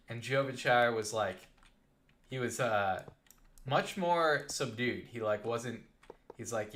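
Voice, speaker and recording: A young adult man telling a rambling, animated story while playing a game on a live stream. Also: mid-range voice, slow pace, pauses often.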